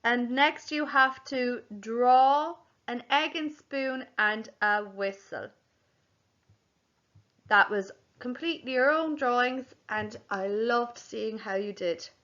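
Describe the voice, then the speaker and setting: A woman teaching young children a home learning lesson, speaking clearly in a sing-song teacher voice and spelling words out slowly. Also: fairly high pitch, a bit bright, lo-fi sound. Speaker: primary school teacher.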